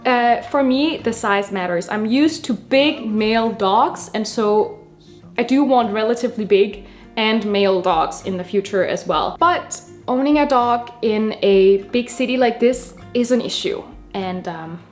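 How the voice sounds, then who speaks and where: A woman's voice: on the high side, unhurried. A woman in her twenties from Denmark, chatting casually and rambling with frequent laughs while doing her makeup for a vlog. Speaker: beauty vlogger. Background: soft background music.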